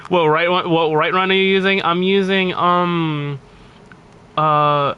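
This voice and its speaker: A male streamer talking through his gameplay in loose, casual chat, often laughing and swearing freely. His voice sits a little high and sounds very bright and forward. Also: steady tone, slow, slight background noise.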